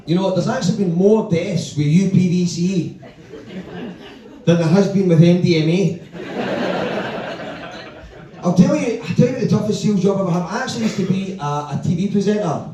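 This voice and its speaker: A man's voice: high-pitched, normal speed, long pauses, crowd noise. A Glaswegian man performing a stand-up routine on a comedy club stage, with punchy, sweary, self-mocking storytelling. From Glasgow. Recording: echoey live club, distant mic, audience laughter.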